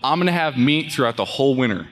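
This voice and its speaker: Fan at the mic, deadpan jokester, aspiring filmmaker, mid-pitched man's voice. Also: quick pace. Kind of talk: audience question at a panel.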